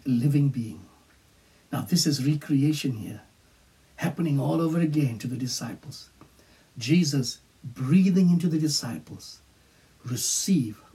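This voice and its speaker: A man preaching a sermon as pastor, slow and emphatic, dropping into whispers on key phrases. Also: on the high side, dark tone, distant mic.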